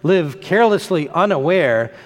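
A long reverb lingers after every line as a pastor delivers his sermon at a moderate pace. His voice is a little high, and his animated, emphatic style leans on repetition of phrases to build force.

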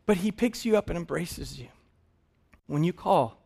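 A man in his thirties preaching a sermon as pastor, telling a family story with animated laughs. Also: sits high, normal speed, creaky.

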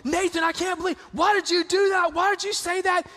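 Man plays shrill Southern mother, high and sharp, scolding. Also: level tone, normal speed, in a large hall, full character voice. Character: angry Southern mother scolding, then sugary on the phone.

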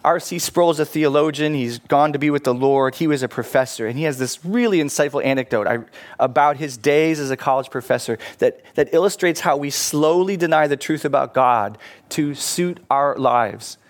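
Brief: male pastor with a fairly high voice, lively sermon storytelling. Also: normal speed. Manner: animated storytelling, addresses the congregation.

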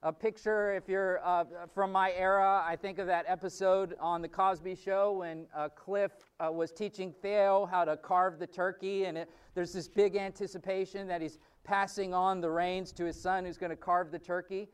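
A male pastor delivers a sermon in a loose, conversational teaching style, restarting phrases and filling pauses as he goes. His voice sits high and comes through smooth and resonant. He stands some distance from the microphone. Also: level tone.

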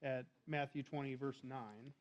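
Man, sermon, relaxed chatty delivery, mid-pitched voice, slightly muffled recording. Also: measured pace. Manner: conversational, restarts and fillers, reads scripture aloud. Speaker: preacher.

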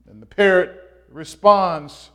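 A man preaching a sermon, opening with a joke, in a slow and halting delivery with frequent pauses and fillers. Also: sits high, a bit bright. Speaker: pastor.

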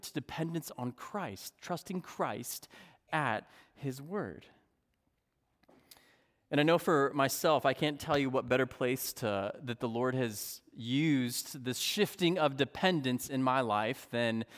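A man in his thirties delivers a sermon at an unhurried pace, earnest and searching, often circling back over his words. His voice sits a bit high for a man. The sound carries the long reverb of a large church hall. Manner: slow, earnest, with repetitions and restarts. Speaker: pastor.

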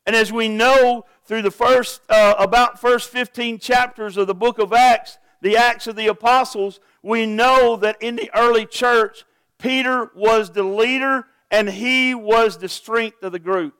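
A man's voice: very high-pitched, steady tone, a little slow, fairly bright tone, clear, resonant tone, no echo. A pastor preaching a sermon to his congregation, earnest and asking them direct questions.

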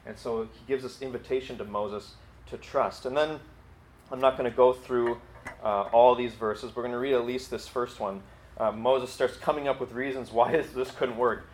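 A man's voice: medium pitch, fairly even intonation, normal speed, echoey room. A man preaching a conversational sermon, acting out dialogue and using frequent fillers. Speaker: pastor.

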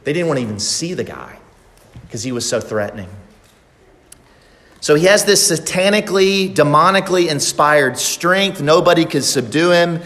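A man's voice: on the high side, animated, normal speed, a bit bright. A man preaching a sermon in a church, emphatic and repeating phrases for effect. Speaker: pastor. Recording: long reverb of a large hall.

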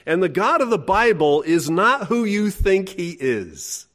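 A man's voice: high-pitched, big pitch swings, unhurried, a bit bright. A middle-aged man preaching a sermon in a folksy, emphatic way, asking his listeners questions. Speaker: pastor.

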